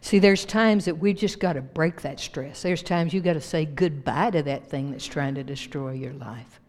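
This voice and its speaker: A woman's voice: low voice, a little mellow. A woman pastor preaching a folksy sermon to her congregation, laughing often and leading them in call-and-response. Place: church sanctuary. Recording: long hall reverb.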